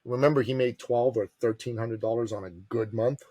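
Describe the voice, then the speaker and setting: A man telling a business story as a podcast guest, animated and emphatic, calling the listener brother. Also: medium pitch, brisk, no room sound.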